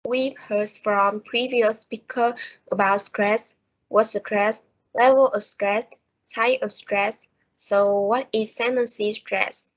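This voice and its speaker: A woman giving a class presentation on pronunciation, reading her prepared notes slowly and carefully. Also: medium pitch, fairly even intonation. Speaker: student presenter. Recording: dull lo-fi recording.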